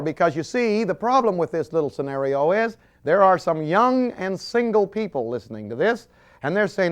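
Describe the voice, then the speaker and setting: A man preaching a sermon with animated storytelling, acting out scenes as he goes. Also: sits high, moderate pace.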